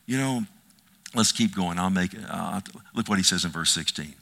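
A man's voice: low voice, lively intonation, moderate pace, vocal fry, pushed and bright. A man preaching a sermon as pastor, with emphatic delivery and frequent rhetorical questions to the congregation.

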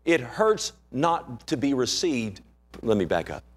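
A man preaching a sermon with passion, firing off rhetorical questions and swinging between loud and hushed delivery. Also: mid-range voice, sing-song, a little slow.

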